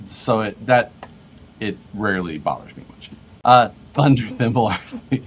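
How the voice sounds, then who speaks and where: A man co-hosting a casual livestream, relaxed, laughing often as he reads viewer comments aloud. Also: fairly low pitch, normal speed, a little hiss or hum. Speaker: livestream co-host.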